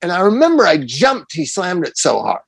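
Gravelly, profane male storyteller. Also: high-pitched, moderate pace, no echo. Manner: profane, animated storyteller, laughs often. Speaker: addiction counselor guest. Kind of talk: casual storytelling.

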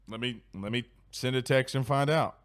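A man's voice: medium pitch, no room sound. A young man hosting a late-night sports talk stream, reading viewer comments in a laid-back, slangy way and repeating his phrases. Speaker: sports show host. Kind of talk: casual live-stream chat reading comments. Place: at home at night.

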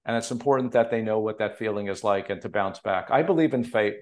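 A man's voice: lowish voice, fast talker. A man from Canada, a TV producer and author, telling emotional stories in a casual podcast interview over a remote call. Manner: animated, emotional storytelling.

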